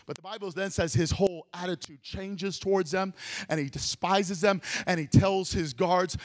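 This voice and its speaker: A man, a pastor, preaching a fervent storytelling sermon in a church, often shouting to the congregation. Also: sits high, fairly even intonation, moderate pace. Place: church sanctuary. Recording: long church reverb.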